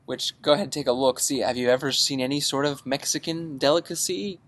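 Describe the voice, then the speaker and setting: A woman's voice: very deep voice, a little fast. A woman co-hosting a podcast, chatting casually with dry, teasing asides. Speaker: podcast co-host. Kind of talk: casual chat.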